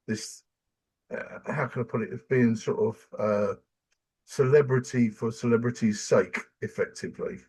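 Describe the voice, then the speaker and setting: An older man from England, chatting casually as a podcast host and telling animated stories. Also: medium pitch, normal speed, breathy edge. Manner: animated storyteller, acts out quoted voices. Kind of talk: casual chat.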